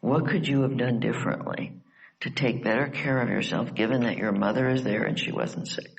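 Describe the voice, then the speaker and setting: A man leading a live workshop, coaching a participant with calm, direct, probing questions. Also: medium pitch, a little fast, vocal fry, poor audio. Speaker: workshop facilitator.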